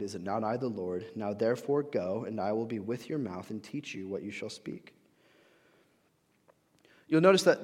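A young adult man preaching a conversational sermon, with casual fillers and restarts, acting out quoted voices. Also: mid-range voice. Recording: long hall reverb.

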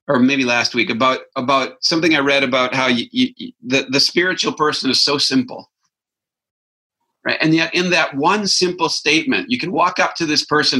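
A man's voice: medium pitch, bright, forceful tone, poor audio. A man giving an informal spiritual talk as a Christian teacher, reflective and conversational, thinking aloud as he goes.

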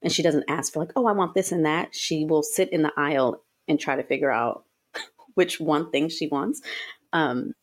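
A woman co-hosting a podcast, chatting casually in a relaxed, rambling way and laughing often. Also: low-pitched, moderate pace. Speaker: podcast co-host. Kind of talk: casual chat.

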